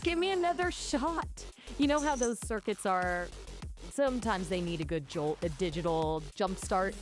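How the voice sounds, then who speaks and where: A woman's voice: medium pitch, animated, soft background music. Playful synthetic woman chatbot voice. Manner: chirpy, playful, quick with quips. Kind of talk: casual chat.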